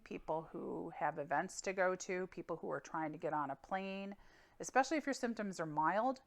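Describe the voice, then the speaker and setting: A woman physician giving a weekly medical update in a calm, clinical, explanatory way, with occasional fillers. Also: mid-range voice.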